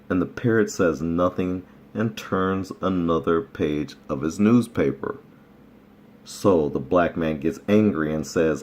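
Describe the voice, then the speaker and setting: A man casually reading folk tales aloud, relaxed and chuckling at his own jokes. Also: extremely low pitch, unhurried. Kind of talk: casual read-aloud storytelling.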